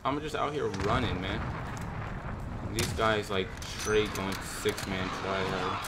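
A young man commenting casually on his own gameplay as a streamer, excitable and slangy. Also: fairly low pitch, unhurried, very noisy. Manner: excitable, slangy, keeps saying dude. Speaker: gaming streamer and YouTuber.

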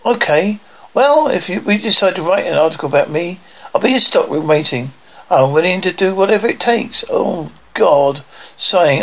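A man's voice: high voice, gravelly, a bit bright, muffled recording. A man performing a one-man reading of a sitcom script, voicing every part himself and reading the stage directions aloud.

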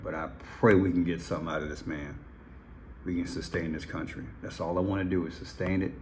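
A man's voice: deep voice, darkish tone, slight background noise. A man talking to his viewers in casual commentary, emphatic and repeating phrases. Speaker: vlogger.

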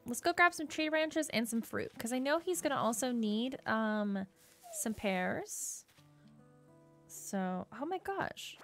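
A young woman giving casual gameplay commentary, bubbly and gushing, with lots of filler words. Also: a little high. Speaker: gaming YouTuber. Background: soft game music.

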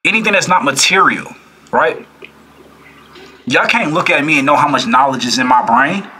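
A man hosts a reaction video, addressing viewers in a casual, preachy, animated way, repeating phrases and firing off rhetorical questions. His pitch is fairly high, his speed normal, and there's slight background noise.

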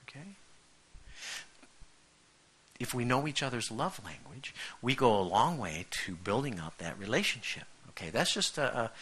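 A man's voice: medium pitch, pushed and bright. A middle-aged male pastor giving a conversational sermon, often checking in with the congregation.

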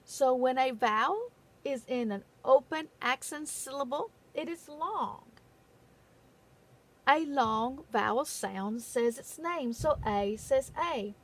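A woman giving a phonics lesson in a patient, deliberate way, stressing the key words. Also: sits high, lively intonation. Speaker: phonics teacher. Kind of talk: slow, careful classroom instruction.

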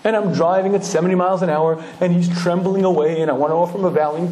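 A male Torah lecturer telling a lively story, clearing his throat often. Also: sits high, fast, slight background noise. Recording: roomy echoing hall.

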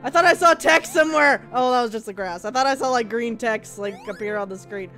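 High, bright, excitable woman gamer. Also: brisk, faint music behind. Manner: excitable, shrieks at jump scares. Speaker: gaming channel host. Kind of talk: let's play commentary.

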